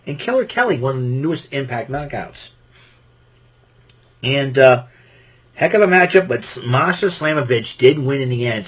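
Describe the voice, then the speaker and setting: A podcast host from Massachusetts, whose medium-pitched voice is slightly rough, recaps a wrestling event. He's animated and casual, laughing often and rambling with frequent restarts.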